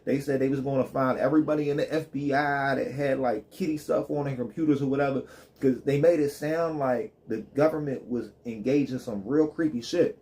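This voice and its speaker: A man's voice: medium pitch, fairly even intonation, a little fast, darkish tone. A man live streaming, ranting in loose, joking street slang with plenty of swearing. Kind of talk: casual profane rant.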